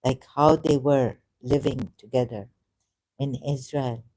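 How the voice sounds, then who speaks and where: Slow, low-voiced impassioned woman streamer. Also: fairly even intonation, warm tone, rough recording. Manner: impassioned, repetitive, rhetorical questions. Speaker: live stream host. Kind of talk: rambling live stream commentary.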